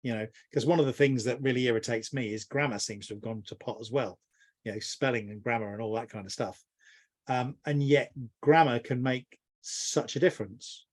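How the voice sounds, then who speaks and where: A man's voice: medium pitch, fairly even intonation, moderate pace. A middle-aged man, a business mentor, giving a long, thoughtful interview answer with frequent restarts. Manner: rambling, thoughtful, many restarts. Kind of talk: reflective conversational answer.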